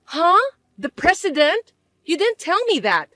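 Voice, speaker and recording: A woman voicing a scheming, bossy middle-aged mother-in-law who talks in a shrill, accusing way. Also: big pitch swings, measured pace, a bit bright, no echo, heavily acted. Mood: shocked. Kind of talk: dramatized story voice acting.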